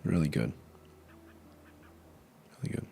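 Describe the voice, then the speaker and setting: A man's voice: takes it slowly, dark tone. A man streaming as a vtuber, chatting casually about food and reading chat, switching between English and Mandarin.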